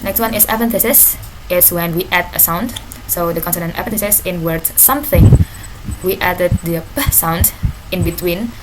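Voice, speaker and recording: A young woman gives a class presentation. She reads out definitions with halting pauses and says "next" between points. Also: lowish voice. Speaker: student presenter. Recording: noisy recording with clicks.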